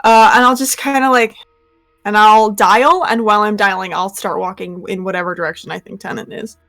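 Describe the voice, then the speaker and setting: A woman's voice: medium pitch, fairly even intonation, brisk, a bit bright, soft background music. A woman player in a tabletop game, talking casually with lots of hesitations and the odd swear. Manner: chatty, hesitant, full of fillers, swears casually.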